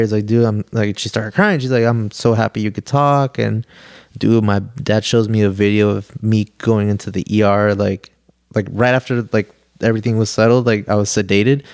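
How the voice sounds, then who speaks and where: A man's voice: on the low side, darkish tone, clear, resonant tone, no echo, studio quality. A young man, a podcast guest telling a long story in a laid-back, slangy way, full of "like" and "dude". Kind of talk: casual storytelling chat.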